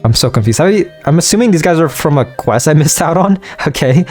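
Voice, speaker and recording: A young man chats casually over a game as he plays. He pokes fun at himself and reads his hero's lines in the same easy voice. His pitch bounces around a lot, and faint game music runs underneath. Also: lively intonation, a little fast, few pauses, darkish tone. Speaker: let's-play gamer. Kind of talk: casual gameplay commentary.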